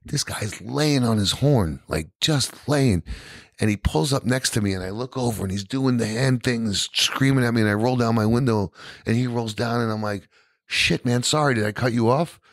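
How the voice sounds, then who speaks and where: A man with a New York accent telling his recovery story as a podcast guest, animated and peppered with "you know what I mean". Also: mid-range voice, normal speed, dry recording, clean studio sound.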